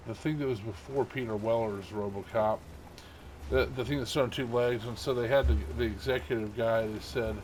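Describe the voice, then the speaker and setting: A man's voice: medium pitch, steady tone, normal speed, pauses often, a little mellow, slight background noise. A middle-aged man hosting a gaming channel, chatting casually over gameplay in a rambling way, with many fillers and chuckles.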